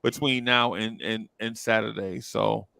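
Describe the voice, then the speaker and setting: A man's voice: lowish voice, fairly even intonation, a little slow, vocal fry, bright, forceful tone, no room sound. A man from New Jersey hosting a podcast, chatting casually and signing off the show. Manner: laid-back, repeats himself, signs off. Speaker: podcast host. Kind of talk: casual chat.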